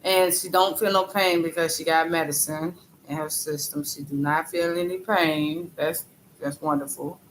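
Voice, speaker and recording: A man with a high, bright voice talks slowly through a story on a casual live stream. He stumbles and repeats himself, stopping now and then to greet viewers by name, over faint background noise. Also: steady tone, low-quality recording. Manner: halting, repeats phrases. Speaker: livestreamer.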